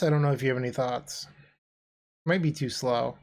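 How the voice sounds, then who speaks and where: A man talks through his card game moves in a relaxed, casual way, sounding tired as the night wears on. He drops dry, sarcastic jokes between plays, and his voice sits at an ordinary middle pitch. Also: moderate pace. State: tired, yawning. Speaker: co-host playing and commentating a card game. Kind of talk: casual gameplay commentary.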